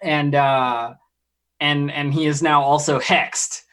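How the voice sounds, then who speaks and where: A man's voice: a little high, slow pace. A man playing a tabletop game, talking it through casually and swearing when his rolls go badly. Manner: excitable, swears at bad rolls. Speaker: player.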